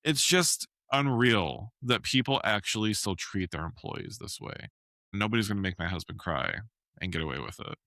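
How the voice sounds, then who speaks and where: Podcast guy, kinda low but bright and punchy voice, blunt and fired up, dry close mic. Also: expressive, moderate pace, dry recording. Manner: blunt, indignant, swears freely. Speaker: podcast co-host. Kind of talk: casual chat.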